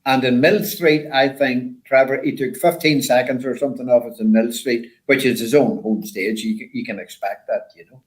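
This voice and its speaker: An older man, a former rally driver, telling stories in a rambling, animated way with lots of repeated words. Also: medium pitch, normal speed, few pauses, poor audio. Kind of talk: casual storytelling chat.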